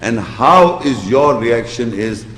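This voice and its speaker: A man's voice: medium pitch, animated, slow pace, a bit bright. A man giving an emphatic religious lecture and reciting Arabic verses. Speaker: Islamic lecturer. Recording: echoey hall reverb.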